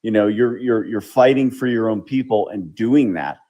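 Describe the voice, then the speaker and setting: A man, the show's host, giving measured political commentary in an explanatory way. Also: on the low side, dark tone. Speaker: show host.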